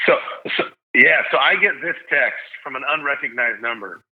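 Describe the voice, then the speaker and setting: A man, a stadium announcer guest on a podcast, telling stories in an excitable, joking way. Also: mid-range voice, normal speed, narrow, tinny audio. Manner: excitable, jokey storyteller. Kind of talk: casual podcast storytelling.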